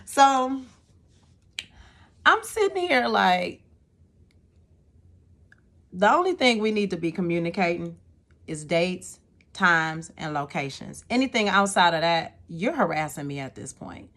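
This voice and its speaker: Animated woman venting a story. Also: on the low side, unhurried, long pauses. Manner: animated and exasperated, repeats words, talks to viewer with "okay?". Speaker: vlogger telling a personal story. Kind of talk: casual storytelling to camera.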